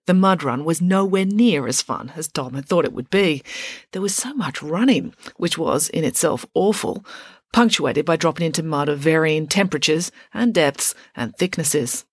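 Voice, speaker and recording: A woman narrating a children's story in an expressive, wry way. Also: deep voice, moderate pace, slightly rough, no room sound, studio quality. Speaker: audiobook reader.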